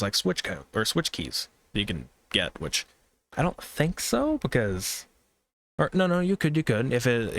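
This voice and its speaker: A man's voice: lowish voice, a bit bright. A man co-hosting a live stream, chatting casually about games, rambling and swearing freely while he talks to the chat.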